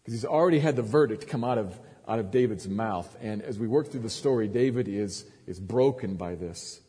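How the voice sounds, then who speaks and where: A man's voice: on the low side, normal speed, dark tone, breathy edge, big-room sound. A male pastor preaching a sermon, retelling a story with dramatic emphasis and frequent restarts.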